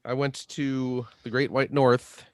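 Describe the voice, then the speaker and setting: A man co-hosting a gaming podcast, telling a travel story in a jokey, animated way. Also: mid-range voice, takes it slowly, no echo, studio quality. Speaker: podcast co-host. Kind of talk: casual podcast chat.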